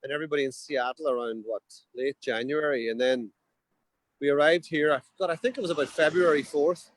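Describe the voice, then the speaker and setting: A man's voice: a little high, brisk, no room sound. Rambling man talking on a dry video call. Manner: rambling, self-correcting, relaxed storytelling. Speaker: guest, hotel owner. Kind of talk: casual video chat. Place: hotel in the Alps.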